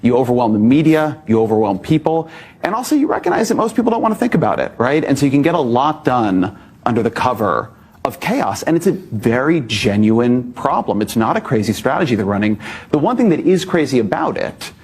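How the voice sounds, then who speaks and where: A man's voice: mid-range voice, big pitch swings, a little fast, darkish tone, slightly rough. A man speaking as a talk show guest in a conversational panel discussion, thoughtful and restarting to make his point.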